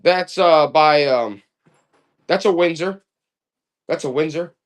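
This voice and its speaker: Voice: mid-range voice, takes it slowly. A live online auction seller running a stream with playful, joking sales banter.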